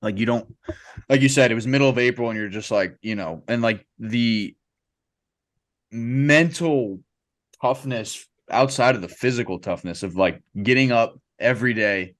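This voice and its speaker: A man's voice: mid-range voice, normal speed. A man co-hosting a podcast, who is also a ballplayer, talking emphatically, with casual swearing and many filler words.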